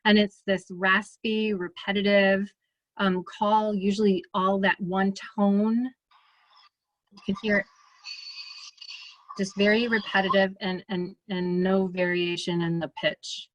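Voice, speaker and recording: Woman, Midwestern American accent, casual talk, chatty with fillers, dry close sound, mid pitch. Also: measured pace, dry recording, highs cut off. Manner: relaxed, chatty, many fillers and restarts. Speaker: ornithologist giving a talk. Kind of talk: casual presentation.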